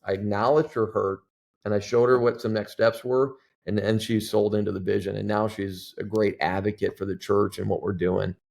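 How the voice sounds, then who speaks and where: A man's voice: fairly low pitch, moderate pace, vocal fry. A middle-aged man, a pastor, telling a story as a podcast guest and acting out the dialogue in it. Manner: animated storyteller who acts out dialogue.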